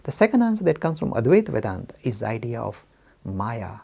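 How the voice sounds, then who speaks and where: A man's voice: medium pitch, sing-song, a little fast, creaky, a little mellow. A man giving a lecture on religion, asking rhetorical questions and acting out both sides of imagined dialogues. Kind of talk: lively lecture.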